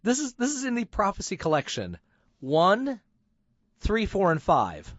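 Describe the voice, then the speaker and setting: A man's voice: high-pitched, wildly swooping pitch, unhurried, a bit bright, no room sound. A middle-aged man from Michigan hosting a radio show, casual and teasing. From Flint, Michigan. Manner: jokey, teasing. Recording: dry, dull radio sound.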